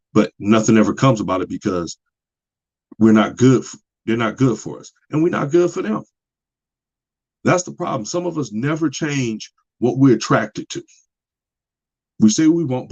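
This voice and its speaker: A man's voice: mid-range voice, slightly rough, lo-fi sound. A man talking in a casual monologue about relationships, plain-spoken and preachy, repeating his points. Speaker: podcast host.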